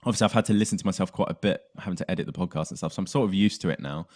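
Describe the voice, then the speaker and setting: A man's voice: low voice, rapid-fire, a little mellow. A man with a southern English accent hosting a podcast in casual chat, laughing often. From south of England. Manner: laughs often, puts on silly voices. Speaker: podcast host.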